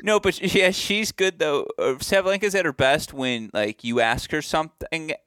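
A man's voice: a little high, normal speed, sharp tone, clear, resonant tone, dry recording, clean studio sound. A man co-hosting a casual podcast, laughing often and telling playful stories. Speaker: podcast co-host, tennis producer.

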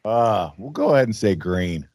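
An upbeat man hosting a podcast, chatting casually with a slightly froggy morning voice. His pitch moves around a lot as he talks. The sound is close and dry, with no room around it. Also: sing-song, normal speed, darkish tone, dry recording. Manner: upbeat, laughs easily. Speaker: podcast host.

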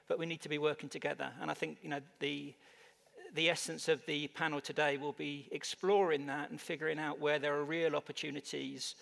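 Panelist, English man, slightly high gravelly voice, hesitant, in a reverberant hall. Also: fairly bright tone. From United Kingdom. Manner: hesitant, many fillers and restarts. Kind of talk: conference panel talk. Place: conference stage. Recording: reverberant hall on stage mic.

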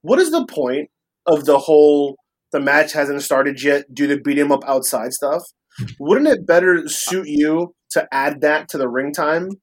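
A man's voice: a little high, expressive, a little slow. A man in casual chat who asks earnest questions about a wrestling match. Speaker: wrestling podcast co-host.

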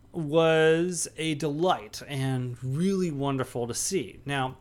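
A man co-hosting a podcast, chatting casually through a movie review with many fillers and restarts. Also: on the high side. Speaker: podcast co-host.

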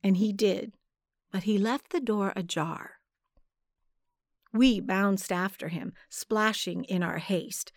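A woman narrating a dark fantasy story in a measured, dramatic storytelling manner. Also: medium pitch, no echo, clean studio sound. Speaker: audiobook narrator. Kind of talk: scripted narration.

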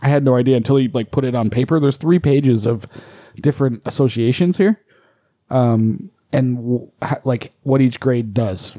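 A man co-hosting a casual podcast, explaining things in a relaxed, rambling way with frequent swearing. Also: medium pitch, moderate pace, no echo, studio quality. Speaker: podcast co-host.

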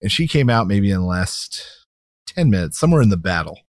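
A man's voice: lowish voice, brisk, dry recording, studio quality. A man co-hosting a nerd culture podcast, casually telling a story about his daughter. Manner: storytelling, animated. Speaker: podcast co-host. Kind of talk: casual chat.

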